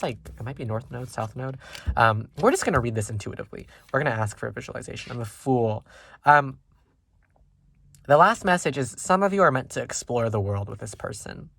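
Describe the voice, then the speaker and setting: A tarot reader talking through a casual pick-a-card reading. The delivery wanders and is full of ums and likes as the reader thinks aloud. The tone stays gentle and reassuring, and the voice sits at an ordinary middle pitch. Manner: gentle and reassuring toward viewers.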